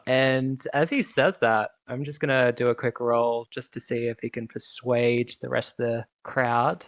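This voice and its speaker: Woman running a d&d game, super low voice, talks slow, chill. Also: no echo. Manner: relaxed, casual narration with fillers. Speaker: game master. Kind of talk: narrating a tabletop game.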